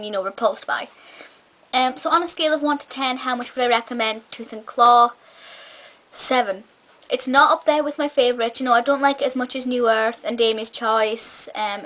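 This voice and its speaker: A woman's voice: fairly high pitch, a bit bright. A woman with a part-Scottish accent giving a casual, enthusiastic review vlog, chatty with frequent fillers and restarts. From Scotland. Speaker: film reviewer.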